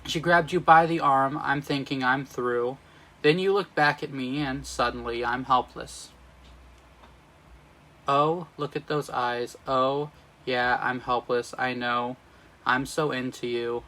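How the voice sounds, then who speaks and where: A man's voice: mid-range voice, fairly even intonation, slow, bright, forceful tone, rough recording. A man reading the lines of a swooning young woman in love, speaking sung lyrics with slips and restarts. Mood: lovestruck.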